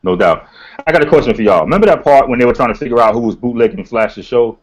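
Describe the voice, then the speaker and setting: A man in a casual hip-hop podcast chat, telling a story in a relaxed way with loose restarts. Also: mid-range voice, fast, highs cut off.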